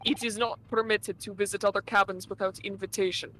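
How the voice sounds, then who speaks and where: Woman putting on a gruff Russian steward. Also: medium pitch, steady tone, fairly quick, fairly bright tone, slight background noise, pitched below the performer's own voice, close to an everyday voice, poor audio. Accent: put-on Russian. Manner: drops articles, curt. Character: gruff male Russian ship steward, blunt. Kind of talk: game dub read-along.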